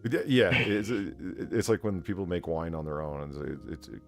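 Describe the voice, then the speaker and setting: A man's voice: deep voice, steady tone, unhurried, creaky, soft background music. A man hosting a casual chat show, chatting and reading out viewer messages. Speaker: podcast host reading donations.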